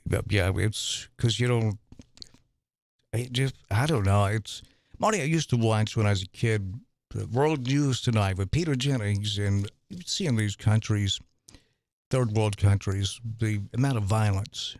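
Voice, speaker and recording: Brief: lower-pitched man, mayoral candidate, halting folksy storyteller, dry studio sound. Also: a little mellow, no echo. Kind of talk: conversational debate on radio. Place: radio studio.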